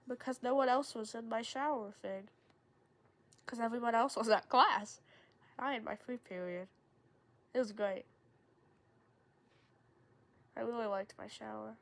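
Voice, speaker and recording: A young woman streamer rambling through a story while she plays a game, full of "like" fillers and sudden excited jumps in tone. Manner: animated, jumps into high excited tones. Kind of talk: casual storytelling while gaming.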